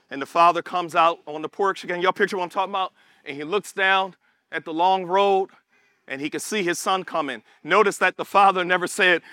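Male preacher, high and bright, animated call-and-response sermon, dry close sound. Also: dry recording. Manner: acts out prayers in quoted voices.

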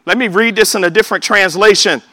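A man preaching a sermon, emphatic, calling for amens and sometimes shouting. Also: sits high, fast, no echo. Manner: emphatic, calls for amen, bursts of shouting.

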